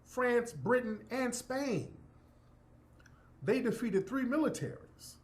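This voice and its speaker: A man's voice: very high voice, expressive, slow pace. A man giving an emphatic, profane, preacher-like monologue as a commentator. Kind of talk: impassioned monologue.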